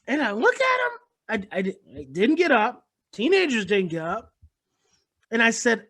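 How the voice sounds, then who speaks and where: A man giving an earnest lecture about parenting. He tells a personal story, repeats key points and explains them calmly. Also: very high voice, normal speed, slightly rough. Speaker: speaker on parenting and attachment.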